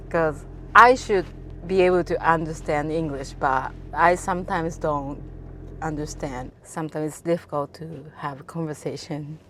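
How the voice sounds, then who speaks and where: Japanese-accented woman taxi driver, low voice, slow and relaxed, filler-heavy casual telling. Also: slight background noise. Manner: relaxed storytelling, many fillers. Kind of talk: casual interview chat.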